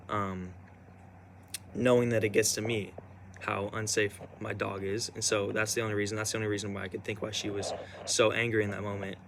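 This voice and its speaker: A young man telling a personal story in a rambling, halting way, full of restarts and fillers. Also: lowish voice, creaky, bright, forceful tone, a little hiss or hum.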